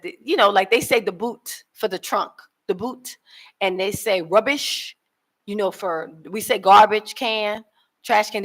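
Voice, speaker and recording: An American woman with an African American accent talks in a loose, rambling vlog monologue. She restarts her sentences often and fills the pauses with ums and likes. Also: mid-range voice, fairly bright tone. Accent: African American Vernacular English. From United States. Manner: rambling, with many fillers and restarts. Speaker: relocation vlogger. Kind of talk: casual monologue. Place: abroad, living in East Africa.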